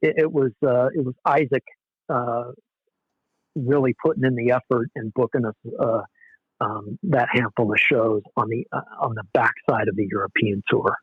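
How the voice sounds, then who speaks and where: A man's voice: medium pitch, steady tone, normal speed, slightly rough, no echo. A man in his forties from Southern California, telling stories as a podcast guest in a laid-back, self-mocking way. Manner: laid-back, anecdotal, often laughs at himself. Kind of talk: casual storytelling in a podcast interview. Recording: dull, dry lo-fi podcast audio.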